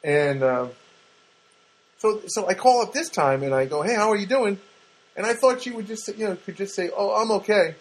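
A man with a high-sitting voice hosts his own podcast from a studio apartment, speaking at a moderate pace on a rough recording. He tells a rambling personal story in an animated, meandering way, interrupting himself and restarting again and again.

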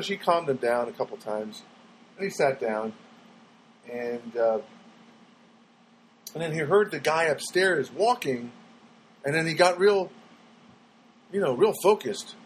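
A man's voice: sits high, a little hiss or hum, rough recording. A man telling a rambling comic monologue at home, stammering and restarting as he goes. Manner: rambling, stammering, animated storytelling.

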